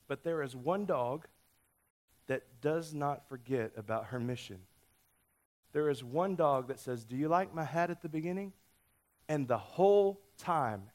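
A male pastor delivering a sermon with a slightly higher-than-average voice. He tells the story playfully and keeps moving his emphasis around. His delivery stays conversational and loose.

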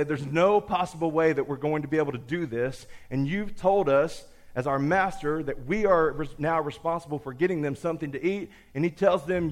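A man preaching a sermon, telling a story with lively voices for the characters before turning to scripture. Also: a little high. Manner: animated storyteller, acts out the characters. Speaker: pastor.

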